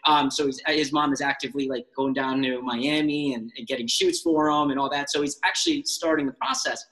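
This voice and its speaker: A man, a life skills coach and guest on a radio show, telling a story in a casual, animated way and acting out the lines he quotes. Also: medium pitch, fairly quick, poor audio.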